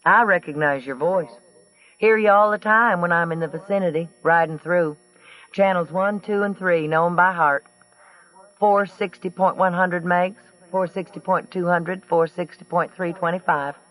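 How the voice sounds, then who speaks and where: A man's voice: sits high, steady tone, normal speed, a bit bright, pitched above the performer's own voice. List: drawling tough woman trucker put on by a male narrator, twangy, profane, blunt, distant mic. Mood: friendly. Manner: blunt, profane, matter-of-fact.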